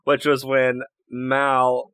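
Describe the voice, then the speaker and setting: A man's voice: medium pitch, monotone, a bit bright, smooth, no echo. A man chatting casually on a podcast about a tabletop campaign, searching for words as he recalls moments. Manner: halting, restarts while recalling. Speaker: tabletop game player.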